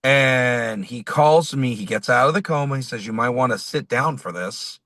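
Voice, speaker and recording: A man's voice: mid-range voice, normal speed, no echo. A man, a musician being interviewed, telling a rambling story and acting out the dialogue as he goes. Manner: animated, rambling, acts out quoted dialogue. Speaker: musician guest.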